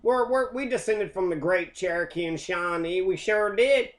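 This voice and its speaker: A man's voice: high voice, moderate pace, pitched above the performer's own voice, natural voice. A man putting on the voice of an ignorant, boastful rural white man, drawling his words. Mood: scornful.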